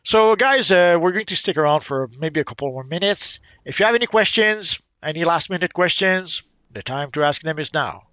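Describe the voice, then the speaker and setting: A man hosting a casual gaming livestream, halting and repeating words with many fillers. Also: fairly high pitch, animated, pushed and bright, no room sound. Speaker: livestream host.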